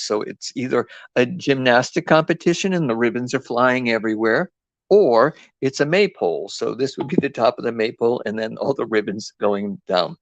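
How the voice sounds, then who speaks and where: A man's voice: medium pitch, moderate pace, dry recording. A man with an East Coast accent hosting a live craft demo, rambling and chatty with lots of ums and restarts. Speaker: craft host.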